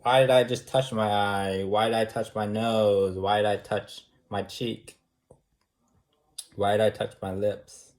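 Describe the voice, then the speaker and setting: A man's voice: lowish voice, little pitch movement, measured pace, darkish tone. A man teaching a debate class in an informal, talky way, firing off repeated rhetorical questions and using casual fillers.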